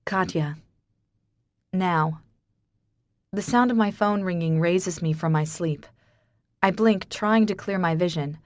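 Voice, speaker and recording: A woman's voice: on the low side, slow pace, long pauses, no echo. A woman narrating an audiobook in the first person in a subdued, somber tone.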